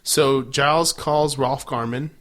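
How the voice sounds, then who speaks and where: A man's voice: medium pitch, steady tone, takes it slowly, fairly bright tone. A man co-hosting a casual podcast, recapping a show with profanity and frequent laughter. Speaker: podcast co-host. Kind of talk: casual chat.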